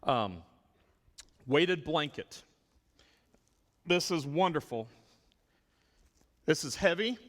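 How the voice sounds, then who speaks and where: A man's voice: on the high side, expressive, extremely slow, pauses often, fairly bright tone. Earnest male trainer in a reverberant hall. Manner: earnest, repeats words while thinking. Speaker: special needs ministry trainer. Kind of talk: volunteer training talk. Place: church.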